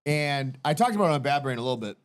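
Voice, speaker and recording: A young man co-hosts a podcast and talks at a quick clip. He tells loose, rambling stories in casual chat and swears freely. His pitch sits in the middle range. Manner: rambling, profane, animated storytelling. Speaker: podcast co-host.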